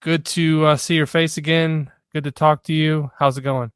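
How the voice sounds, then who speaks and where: A man hosts a sports podcast in a casual, conversational way, often pausing on "uh". His voice is smooth and resonant. The recording is close and dry. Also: on the high side, level tone, fairly bright tone, no room sound. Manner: filler-heavy, conversational with frequent "uh". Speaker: podcast host.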